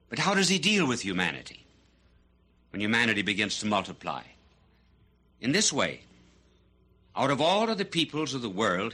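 A man delivers a sermon in a low, husky voice with a bright edge. He speaks slowly and deliberately, swinging between loud emphasis and hushed, nearly whispered lines. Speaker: preacher.

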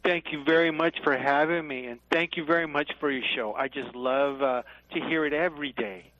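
A man calling in to a radio talk show, speaking haltingly with many fillers. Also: on the high side, dry recording, dull audio. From Texas. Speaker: caller. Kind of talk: call-in radio caller.

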